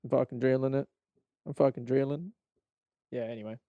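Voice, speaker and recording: A man's voice: medium pitch, fairly quick, no room sound, narrow, tinny audio. A young Australian man hosting a podcast, ranting casually with lots of swearing and laughter. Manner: profane, rambling, animated, laughs often. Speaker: podcast host. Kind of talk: casual solo podcast rant.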